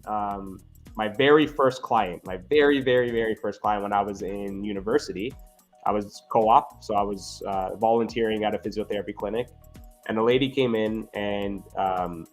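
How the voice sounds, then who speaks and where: A man who works as a physiotherapist, telling earnest stories in a casual interview and often checking in with "right?". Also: on the low side. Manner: earnest, animated, frequent "right?" tags. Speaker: physiotherapist guest.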